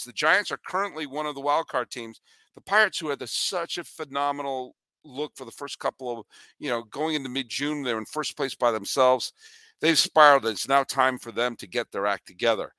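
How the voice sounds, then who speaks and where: A man's voice: a little high, no echo. A man hosting a baseball podcast, talking animatedly with rants and jokes, including a read-through ad. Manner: animated, ranting, joking. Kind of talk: energetic sports talk with ad read.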